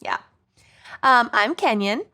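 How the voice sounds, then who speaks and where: A woman co-hosting a podcast, chatting casually and explaining things at length in an animated way. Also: fairly high pitch, slow, gravelly. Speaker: podcast co-host.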